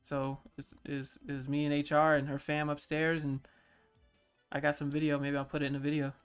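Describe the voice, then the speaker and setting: A man in his thirties on a casual livestream, reading chat questions aloud and answering them in a low-key, mellow way. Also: completely flat delivery, normal speed, clear, resonant tone, soft background music. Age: 30s.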